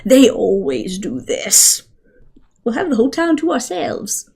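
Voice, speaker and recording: A woman voicing a giant, lonely male creature in a tabletop game, speaking in a low, offhand mutter. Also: lively intonation, a little slow, vocal fry, a little mellow, husky, heavily acted. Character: giant lonely male horgamel, gruff and easygoing.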